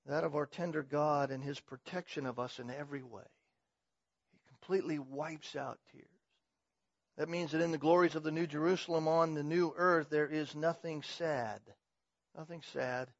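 A middle-aged man preaching a sermon in a fairly high voice, moving between loud, emphatic proclamation and quiet, personal asides. The sound is dry and a little muffled, with no room echo. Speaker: pastor.

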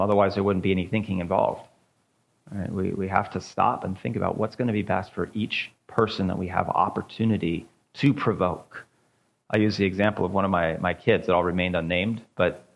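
Male pastor, low voice, informal teaching, hesitant and repetitive delivery. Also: fairly even intonation, gravelly. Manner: halting, many ums and repeated words. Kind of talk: informal church teaching and discussion.

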